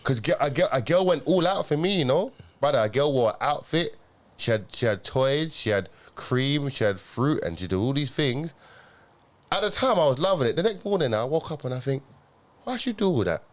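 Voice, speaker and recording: A man's voice: medium pitch, lively intonation, brisk. Young man, podcast host, mid voice, loose rambling delivery full of slang. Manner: rambling storytelling, slang and filler tags like "yeah?". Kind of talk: casual chat.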